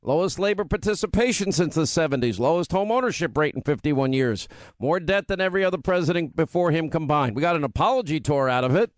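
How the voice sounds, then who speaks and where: A man hosting a talk radio show, delivering an opinionated monologue. He mocks buzzwords by repeating them over and over and rattles off rapid-fire lists. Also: a little high, expressive, dry recording.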